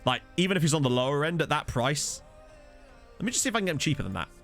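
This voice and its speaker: His voice is on the high side and a bit bright, racing along with lively intonation, faint music audible behind. He's streaming a football management game, chatting and joking with viewers and responding to their chat over a desk USB condenser microphone.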